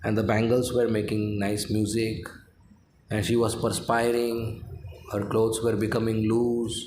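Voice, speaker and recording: A man's voice: lowish voice, a little hiss or hum. A man with an Indian English accent giving a devotional lecture, telling a story and acting out the characters' words. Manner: animated storyteller, acts out the child's complaints. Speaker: spiritual lecturer. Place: temple hall. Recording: roomy hall with faint ambience.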